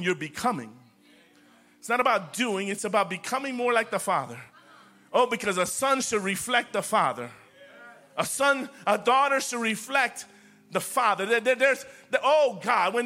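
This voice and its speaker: A man preaching a sermon to his church, swinging between loud declarations and soft whispers and repeating words for emphasis. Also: sits high. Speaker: pastor.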